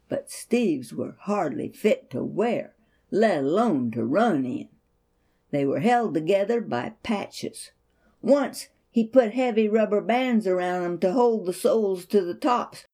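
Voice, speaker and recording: A woman reading a Christian children's story aloud in an expressive storytelling manner. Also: mid-range voice.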